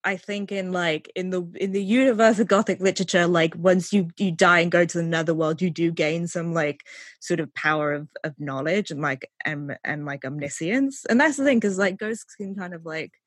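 A woman chatting about films on a podcast, animated and quick to laugh, trailing off and restarting her thoughts. Her voice sits a little low and sounds dry and close, with no room around it. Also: no echo. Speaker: podcast co-host. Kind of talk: casual film chat.

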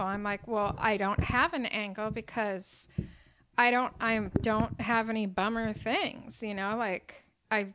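A woman's voice: on the high side, fairly even intonation, a little slow, a bit bright, a little hiss or hum, low-quality recording. A middle-aged woman, a restaurant owner and cookbook author, telling stories in a casual interview chat, with lots of fillers and frequent laughter. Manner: chatty storyteller, laughs often, many fillers.

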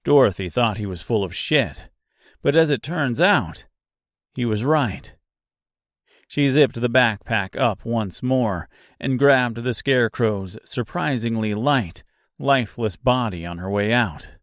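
A male narrator reading a dark fantasy novel aloud at an unhurried pace. His voice sits in a middle pitch, and the recording is dry and close with no room sound. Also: lively intonation, dry recording. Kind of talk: audiobook narration.

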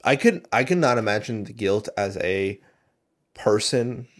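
A man's voice: lowish voice, animated, a little slow. A man co-hosting a casual book podcast, laid-back, with dry reactions and many short agreements. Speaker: podcast co-host.

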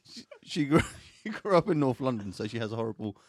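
A man's voice: mid-range voice, sing-song, quick pace. Giggly man telling stories on a podcast. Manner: giggly, storytelling, swears freely. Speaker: podcast co-host. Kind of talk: casual chat.

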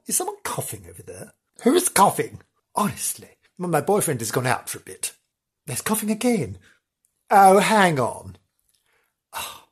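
A flustered, fussy middle-aged woman, as a man puts her on, squeals over her lovely room and then frets about the noises around her. Her voice jumps up high and lurches all over the place, with a husky edge. She is a comedy podcast character. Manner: fussy, excitable, exclaiming in trills.

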